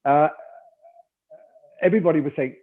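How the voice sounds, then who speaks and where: Over tinny call audio, an older Newcastle man with a Geordie accent talks at a normal pace in a slightly high voice. An actor and audiobook narrator, he tells a story during a remote interview, often laughing and performing the quotes.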